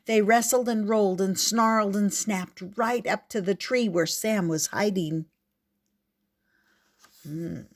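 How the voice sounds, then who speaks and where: An older woman reading a picture book aloud in a gentle, expressive way. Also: mid-range voice, unhurried, hardly any pauses. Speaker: storyteller.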